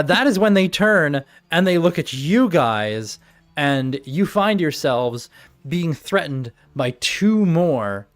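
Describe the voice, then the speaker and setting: A young man narrating as game master on a voice call, rambling with many fillers and restarts. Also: mid-range voice.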